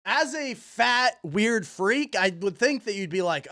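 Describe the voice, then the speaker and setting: A man's voice: extremely high pitch, very animated, moderate pace, hardly any pauses, fairly bright tone. A man hosting a livestream, giving profane, incredulous commentary as he reacts to online posts. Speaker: livestream host.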